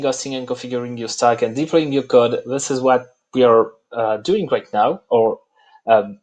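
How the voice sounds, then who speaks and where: A man with a French accent, a native French speaker, walking through a live software demo and pausing often on "uh". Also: mid-range voice. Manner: halting, many "uh" fillers. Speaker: presenter.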